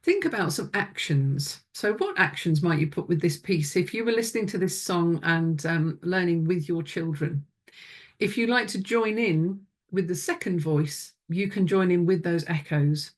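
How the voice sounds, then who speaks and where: Calm, low-voiced woman teaching music. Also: moderate pace. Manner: calm, instructive, demonstrates vocal exercises. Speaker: music education presenter. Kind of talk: webinar teaching talk.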